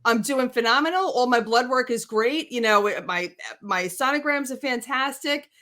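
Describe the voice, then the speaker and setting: A woman hosting an interview talks expressively and emphatically, often laughing mid-sentence in this casual exchange. Her voice is fairly high and sharp, at a moderate pace.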